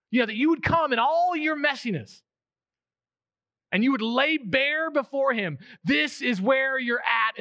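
Bright-voiced man preaching conversationally. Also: very high-pitched, dry recording. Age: 30s to 40s. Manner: conversational, acts out quotes in voices. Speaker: pastor. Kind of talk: sermon.

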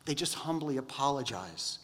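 A man preaching a sermon, telling stories in a conversational, animated way. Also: mid-range voice, normal speed, in a large hall, noisy background. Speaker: pastor.

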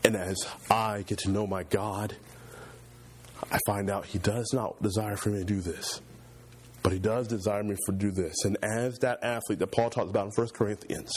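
A man preaching a sermon, building repetitive points with fervor and pushing his voice higher as he gets passionate. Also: steady tone, normal speed, darkish tone, slight background noise. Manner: impassioned, voice climbs high when fervent.

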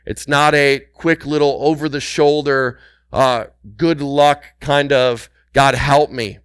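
A man preaching a sermon, swinging between hushed, intimate passages and loud, urgent exhortation, repeating words for emphasis and calling on the congregation. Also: mid-range voice, fairly even intonation, takes it slowly, clean tone, no echo, clean studio sound. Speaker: pastor.

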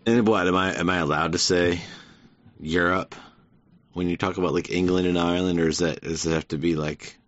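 Guy rambling on his podcast, lowish voice, dry dull sound. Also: steady tone, a little fast, a bit bright, no room sound. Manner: rambling, wry, laughs often. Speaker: podcast host. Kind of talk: casual monologue.

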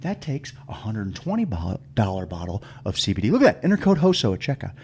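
Indiana co-host, lively talk-radio banter with faint background noise, rambles into ad reads. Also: male voice, lowish voice, brisk. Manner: rambling, reads sponsor ads. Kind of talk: casual morning show banter.

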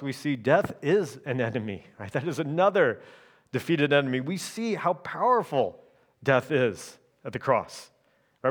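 A man preaching a sermon in a measured, emphatic way, often checking in with his listeners through quick tag questions. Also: mid-range voice, a bit bright.

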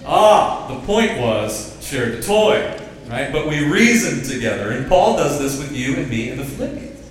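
A man's voice: medium pitch, big pitch swings, moderate pace, a little hiss or hum. A man preaching a sermon as pastor, drawing the congregation into call-and-response. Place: church sanctuary. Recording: very echoey church hall, distant mic.

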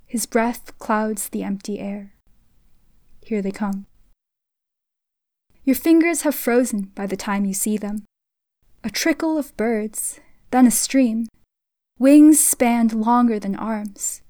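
Soft-spoken woman reading literary fiction. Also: fairly high pitch, slow pace, long pauses, dry recording. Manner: soft and hushed, dropping to a whisper at times. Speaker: reader of a short story. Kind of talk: literary reading in second person.

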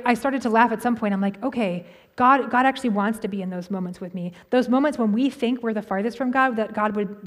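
A woman's voice: mid-range voice, big-room sound. A woman pastor giving a conversational sermon, often restarting her sentences and using fillers.

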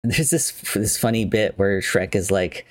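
A man with a low voice rambles through a film recap, full of fillers and asides. He speaks close to the microphone in a dry, dead room at home. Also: moderate pace, dry recording. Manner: rambling, filler-heavy, chatty. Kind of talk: casual plot recap.

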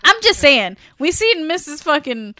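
A woman with a fairly high voice talks through a show's plot in a relaxed podcast chat. She laughs often, swears freely and slips into quick impressions of the characters. The sound is close and dry. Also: no echo. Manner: animated, laughing, swearing, acting out quotes. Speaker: podcast co-host recapping a show. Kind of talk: casual chat.

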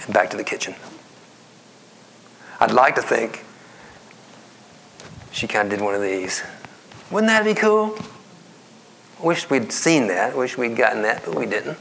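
A male pastor giving a conversational sermon that climbs to emphatic, high-pitched stress and drops to hushed whispers. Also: lively intonation, measured pace, gravelly, long pauses, a little hiss or hum. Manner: conversational preaching, rising to emphatic highs and dropping to whispers.

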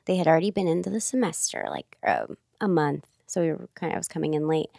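A woman's voice: low voice, huge pitch swings, fast, creaky, mellow, dry recording, clean studio sound. A woman from Los Angeles, raised bilingual, speaking reflectively in a casual conversation. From Los Angeles, United States. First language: Spanish and English. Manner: reflective, thoughtful, with frequent fillers.

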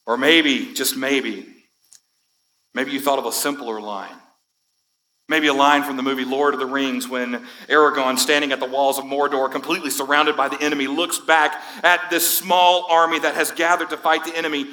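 A man's voice: a little high, sharp tone, poor audio. A man giving a conversational sermon as a pastor, building to emphatic lines. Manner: conversational, quotes movie speeches with rising emphasis. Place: church sanctuary.

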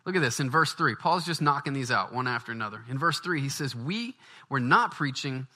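A man's voice: mid-range voice, quick pace, bright, forceful tone. A man from Baton Rouge, preaching a conversational sermon. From Baton Rouge, Louisiana, US. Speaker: pastor.

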